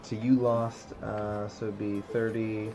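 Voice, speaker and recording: A man narrating as game master over an online call, relaxed, with many fillers. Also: on the low side, measured pace.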